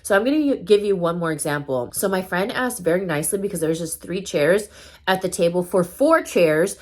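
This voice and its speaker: Chatty woman vlogger, lowish voice. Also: lively intonation, brisk. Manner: chatty, filler-heavy, casual swearing. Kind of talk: casual story time.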